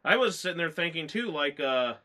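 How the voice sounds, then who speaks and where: A man co-hosting a casual movie review, rambling and excited, often laughing. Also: fairly high pitch, brisk.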